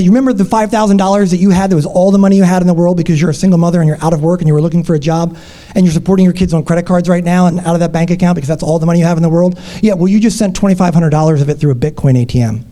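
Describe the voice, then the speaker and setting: Fast, animated male conference presenter. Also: sits high. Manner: animated storytelling, acting out the people in the story. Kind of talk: conference talk. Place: conference room.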